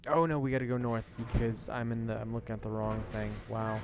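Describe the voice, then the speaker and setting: Tired gravelly man narrating a game. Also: medium pitch, steady tone, brisk, a little hiss or hum. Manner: laid-back, self-deprecating, thinks aloud. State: tired, late at night. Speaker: gaming streamer. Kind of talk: casual let's-play commentary.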